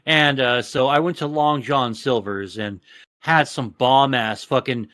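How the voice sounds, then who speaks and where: A man from Texas, telling a profane, animated rant on a casual podcast. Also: mid-range voice, measured pace, no echo, studio quality. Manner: profane, animated ranting storyteller. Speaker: podcast co-host.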